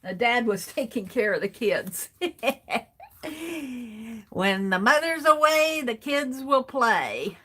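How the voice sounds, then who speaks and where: A woman's voice: fairly high pitch, big pitch swings, slow, pauses often, pushed and bright. A woman hosting a crafting livestream, rambling through a casual story as she works and chuckling often between sentences. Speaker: art journaling livestream host.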